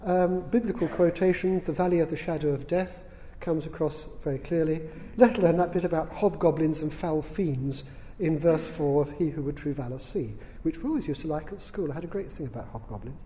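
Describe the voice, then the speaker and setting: In a large hall, a man gives a public lecture in a dry, witty, unhurried way, pausing on the odd "um." His voice is a little high for a man but mellow and warm, with a long reverb trailing each phrase and a little hiss or hum.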